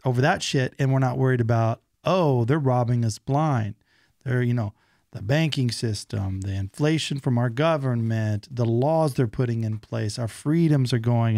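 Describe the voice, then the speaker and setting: A man's voice: mid-range voice, darkish tone, no room sound, clean studio sound. A man co-hosting a podcast in casual chat, opinionated and blunt, with mild swearing. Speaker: podcast co-host.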